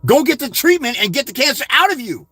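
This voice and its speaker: Male livestream host, sharp and forceful, shouts insults in a hard-edged rant. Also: very high voice, sing-song, fast talker, breathy edge, no echo. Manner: aggressive, profane, shouting insults. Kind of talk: livestream rant answering questions.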